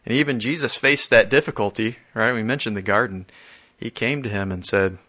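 A man preaching a conversational sermon. He often restarts and repeats his words and chuckles softly. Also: lowish voice, a little fast, hardly any pauses. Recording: dull lo-fi audio.

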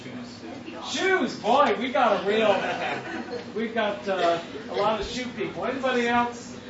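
A man's voice: high-pitched, expressive, a little slow, crowd noise. A man preaching an interactive sermon, playfully bantering with the audience in a large hall. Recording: distant, echoey, dull and noisy room recording.

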